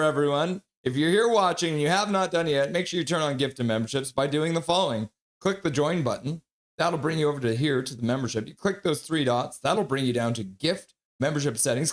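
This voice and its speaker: Running a casual hockey pregame stream, a middle-aged host reads chat and welcomes viewers one at a time, staying upbeat and friendly. His voice sits a little higher than most men's.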